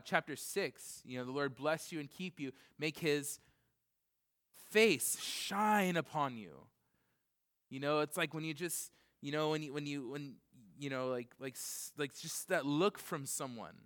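Bright-voiced chatty male preacher. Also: fairly high pitch, clean tone. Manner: rambling, full of "like" and "you know"; acts out quick asides in other voices. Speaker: pastor. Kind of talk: conversational sermon. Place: church, in front of a congregation. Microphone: recorded for CD and computer.

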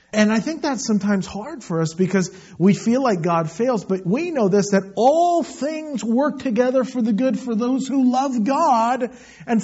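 A pastor preaching a sermon, earnestly, rising to loud emphasis and dropping into quiet, low asides. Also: male voice, highs cut off.

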